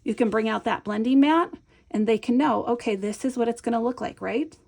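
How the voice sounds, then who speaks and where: A woman with a slightly high, gravelly voice walks through a classroom reading lesson step by step. She is patient and encouraging, pausing to check that the viewer is following along. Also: a little mellow. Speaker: Montessori teacher. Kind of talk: instructional demonstration.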